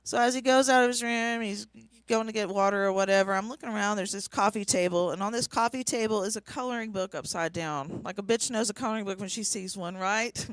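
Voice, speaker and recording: Smooth-voiced woman telling stand-up stories. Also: mid-range voice, a little fast, no echo. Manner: conversational storytelling with dry punchlines. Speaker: stand-up comedian. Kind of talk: stand-up set. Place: small comedy venue.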